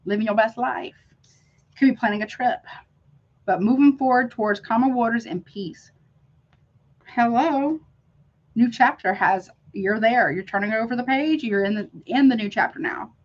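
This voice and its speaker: A woman's voice: a little high, normal speed, pauses often, lo-fi sound. A middle-aged woman hosting a casual live-stream tarot reading, effusive and chatty, calling her viewers honey and y'all.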